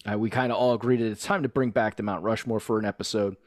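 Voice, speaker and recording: A man's voice: fairly low pitch, steady tone, fast, dry recording. Middle-aged guy hosting a sports podcast, rambly, swears a bit, dead dry sound. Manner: steers the talk, rambling, casual swearing. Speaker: podcast co-host. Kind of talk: casual chat.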